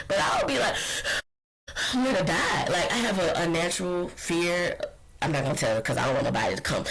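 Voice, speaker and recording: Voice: medium pitch, creaky, a bit bright, breathy edge, low-quality recording. Ranting, profane solo podcast host. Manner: rambling, blunt and profane, often talking to themself; heated, ranting. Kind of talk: casual solo podcast monologue.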